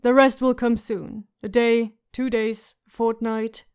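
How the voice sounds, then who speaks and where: Woman reading as a stout worried plotter guy, pushy, kinda high voice. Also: level tone, unhurried, a little mellow, clear, resonant tone. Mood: tense. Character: stout, soft-footed scarred man, anxious schemer.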